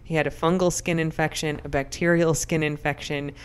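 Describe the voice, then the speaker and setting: A young adult woman co-hosting a podcast, telling stories in animated, casual chat full of fillers. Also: deep voice, a little fast, clear, resonant tone. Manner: animated, chatty storyteller with many fillers. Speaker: podcast co-host.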